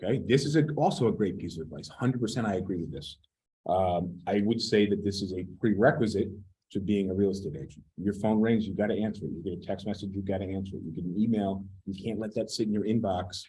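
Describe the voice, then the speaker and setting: A man's voice: sits low, quick pace, warm tone, rough recording. A man giving a casual real estate training talk, blunt and sometimes swearing as he picks apart advice. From United States.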